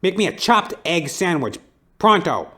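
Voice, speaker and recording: A brash film-noir tough guy barks his demands, as a man puts him on. The voice sits far above his usual register, loud and strained, every line snapped off like an order. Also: high-pitched, big pitch swings, measured pace, pitched above the performer's own voice, heavily acted. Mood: barking. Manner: barking, bossy.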